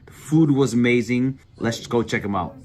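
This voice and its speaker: A man's voice: mid-range voice, moderate pace, a little mellow. A man vlogging and interviewing a stranger on the street, asking questions and laughing often.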